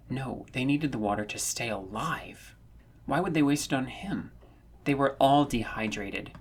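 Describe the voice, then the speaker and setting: Husky guy reading a fanfic aloud, earnest measured narration, kinda breathy. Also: mid-range voice, animated. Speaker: audiobook narrator. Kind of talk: scripted story narration.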